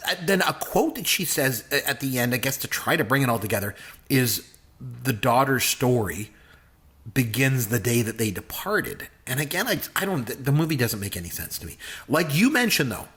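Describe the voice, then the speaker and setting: A man's voice: mid-range voice, very animated, fast talker, pushed and bright. A middle-aged man co-hosting a casual movie review podcast, joking and complaining with exaggerated gripes. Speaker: podcast co-host; professor.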